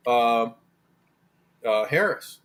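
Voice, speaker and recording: A man's voice: mid-range voice, expressive, extremely slow, fairly bright tone. A man on a political talk panel, exasperated and rambling, with frequent restarts. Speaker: panel guest. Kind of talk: casual political chat.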